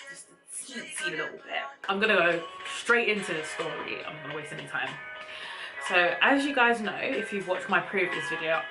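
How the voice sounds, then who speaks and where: A young woman vlogger casually telling a personal story to camera in a chatty, animated way, with slang. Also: on the low side, rough recording.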